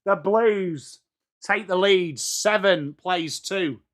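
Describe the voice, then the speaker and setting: English guy live-calling footy, high bright voice, swears and yells at big plays, slow drawl in between. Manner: swears, jokes, shouts at big moments. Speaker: live match watchalong commentator. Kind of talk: excitable live commentary.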